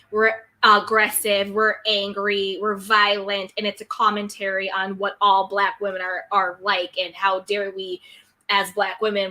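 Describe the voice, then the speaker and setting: A woman co-hosting a casual panel chat, animated and mimicking others mockingly. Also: mid-range voice. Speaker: co-host.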